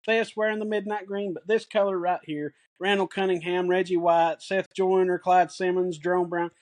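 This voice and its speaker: Excited Tennessee man telling stories. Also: sits high, normal speed. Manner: excited storytelling, folksy. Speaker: podcast co-host. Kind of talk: casual sports podcast chat.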